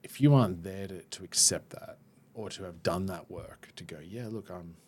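A man's voice: low-pitched, a little mellow, breathy edge. A man hosting a podcast, talking openly and reflectively with frequent restarts. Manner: open and self-reflective, halting restarts. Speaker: podcast host. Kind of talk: candid podcast conversation.

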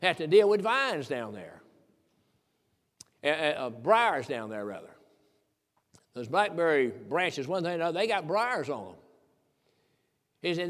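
An older male preacher from Tennessee delivers a sermon, folksy and emphatic, climbing into fervent high peaks. His voice sits a bit high for a man. A long church-hall reverb trails every phrase. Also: sing-song, a little slow, pauses often, fairly bright tone. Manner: folksy, emphatic preaching with rising fervor and chuckles.

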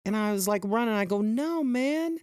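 A middle-aged man talking on his podcast, earnest and pumped up, rambling with restarts and leaping up in pitch whenever he acts out quoted exclamations. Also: animated, moderate pace, darkish tone, clean tone, no room sound, clean studio sound. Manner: jumps high for quoted exclamations. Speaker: podcast host. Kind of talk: motivational podcast monologue.

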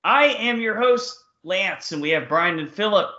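A man hosting a casual podcast chat in a jokey, animated way. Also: high voice, a little slow. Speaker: podcast host. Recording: roomy, lo-fi call audio.

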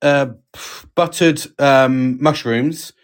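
A man's voice: mid-range voice, steady tone, smooth. A man co-hosting a casual podcast, swearing a lot and laughing as he tells his stories. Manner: laughing, swears heavily, rapid anecdotes. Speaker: podcast co-host. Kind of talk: casual banter.

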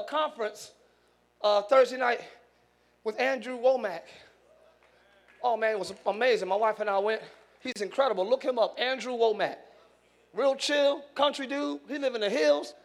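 A male pastor preaching a sermon in church, moving from loud shouted lines to quick casual asides. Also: extremely high pitch.

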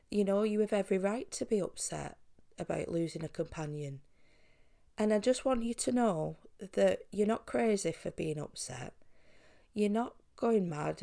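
A woman's voice: lowish voice, vocal fry, warm tone. A woman hosting a podcast, speaking earnestly and reassuringly straight to the listener. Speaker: podcast host on pet bereavement. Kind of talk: direct-address podcast talk.

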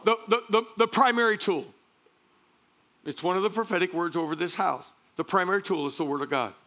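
A man preaching a sermon as pastor, energetic, calling out to the congregation and joking between points. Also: sits high, fairly quick. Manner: energetic preaching with crowd call-and-response; joking asides, repeats words.

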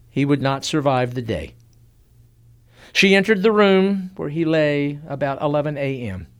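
Solemn male history narrator. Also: medium pitch. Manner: solemn, measured, lingering pauses.

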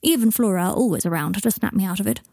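A woman's voice: mid-range voice, fast, vocal fry, mellow, breathy edge. A woman reading the part of an aloof, sardonic male wizard in an audiobook, cool and drily polite. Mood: guarded.

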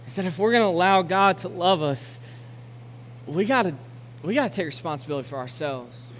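A young adult man preaches a sermon in a church auditorium, his voice set fairly high. He climbs into loud, urgent exhortation, then eases into a quiet, reflective close. Long hall reverb trails each phrase over faint background noise. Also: lively intonation, brisk. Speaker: pastor.

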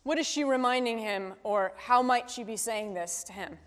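A woman's voice: on the high side, moderate pace, fairly bright tone. A woman leading a conversational Bible study, thinking aloud and asking the group questions with a frequent "right?". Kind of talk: conversational scripture teaching. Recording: long reverb from a hall.

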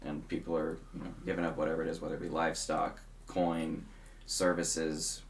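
A deep-voiced man acting as game master for a tabletop game. He narrates casually, rambling and filling gaps with ums and uhs. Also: flat delivery, brisk, creaky, a little hiss or hum. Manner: casual, rambling, lots of fillers.

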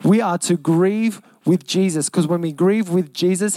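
A young man with an Australian accent preaching a sermon as pastor, earnest, repeating lines for emphasis and slowing down on key phrases. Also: high voice, mellow, no room sound.

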